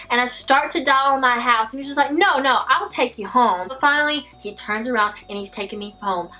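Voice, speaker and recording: A woman vlogger telling a personal story in an animated, dramatic way. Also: on the high side. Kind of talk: storytime vlog.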